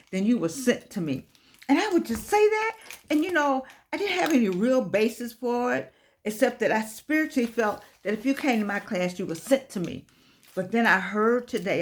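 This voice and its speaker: An older woman giving an inspirational talk, telling stories in an animated, preacher-like way and repeating her phrases for effect. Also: mid-range voice. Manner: animated preacher-like storytelling with repetition. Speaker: host.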